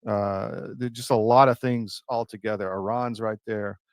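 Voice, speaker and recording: A man hosting an interview, asking questions in a relaxed, chatty way. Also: fairly low pitch, a little slow, no echo. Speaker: host. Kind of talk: casual interview talk.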